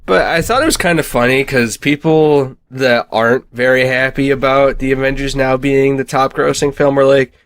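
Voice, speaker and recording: A young man talking loosely on a podcast, full of fillers and stop-start restarts. His pitch sits right in the middle for a man, neither deep nor high. He chats casually rather than presenting. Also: steady tone, normal speed, hardly any pauses, clear, resonant tone. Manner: rambling, many fillers and restarts. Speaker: podcast co-host. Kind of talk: casual chat.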